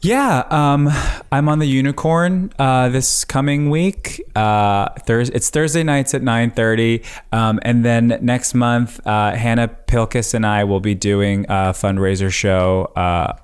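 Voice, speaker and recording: A man with a Long Island accent, a guest comedian chatting on a podcast, hesitant with lots of fillers and quick to laugh. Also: medium pitch, fairly even intonation, clean tone. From Long Island, New York. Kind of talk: casual podcast chat.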